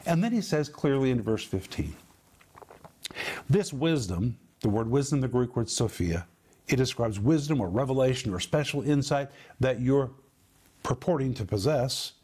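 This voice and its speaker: A man's voice: medium pitch, lively intonation, normal speed, darkish tone, breathy edge. A man preaching a sermon, emphatic, explaining Greek words and building long lists with rising force. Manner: spells out Greek word meanings. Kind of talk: sermon teaching.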